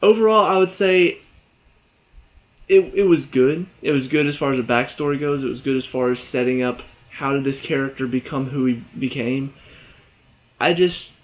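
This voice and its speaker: A man gives a casual spoken review of a TV episode at a moderate pace and middling pitch, rambling and chatty with lots of fillers and side remarks. The recording sounds a little dull and lo-fi.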